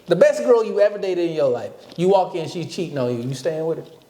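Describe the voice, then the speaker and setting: Male podcast co-host, blunt and joking, high and animated voice, echoey room. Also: quick pace. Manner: blunt, joking, crude slang. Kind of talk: casual podcast banter. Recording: roomy echo.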